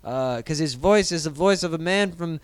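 Profane, rambling podcast host, clear voice. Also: male voice, fairly high pitch, normal speed, dry recording. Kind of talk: casual podcast chat.

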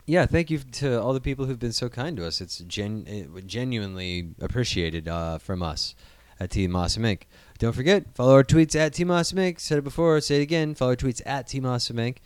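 Podcast dude rambling and cursing, smooth clear voice, dry close mic. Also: male voice, mid-range voice, animated, a little fast, few pauses, dry recording. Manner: profane, jokey, rambling. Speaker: podcast co-host. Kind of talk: casual podcast chat.

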